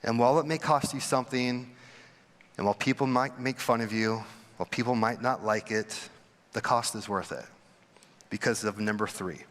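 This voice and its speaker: A young adult man, a pastor giving a conversational sermon, who acts out quoted people with sudden jumps in pitch. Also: moderate pace, fairly bright tone. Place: church sanctuary. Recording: long hall reverb.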